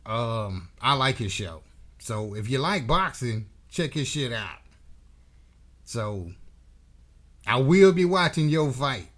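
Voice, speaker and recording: A man's voice: medium pitch, lively intonation, slow pace, pauses often, a bit bright. A man hosting a boxing commentary channel, delivering a blunt, profane, emphatic opinion rant.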